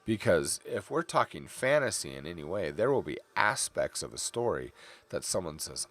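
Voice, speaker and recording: A middle-aged Californian man streams himself drawing, his low voice swinging widely in pitch at a moderate pace. He chats casually as he works, rambling off into tangents and stories.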